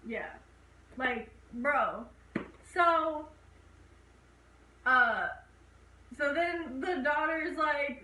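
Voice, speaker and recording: This young woman, co-hosting a laid-back horror film review, recaps the movie and acts out characters' lines in raised voices. She speaks in a high, bright, forceful voice, drawing out words and leaving long pauses. The echoey room and distance from the mic are audible.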